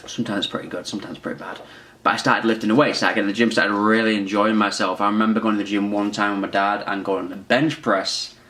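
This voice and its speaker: A man's voice: fairly low pitch, a bit bright. A young man in his twenties telling a personal story in a chatty, rambling, self-mocking way. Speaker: vlogger. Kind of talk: casual storytelling to camera.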